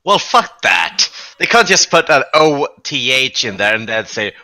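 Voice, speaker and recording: A man's voice: mid-range voice, big pitch swings, a little slow, vocal fry, pushed and bright. A man playing a tabletop game, joking around, swearing and stumbling over words. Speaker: player. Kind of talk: casual tabletop game chat.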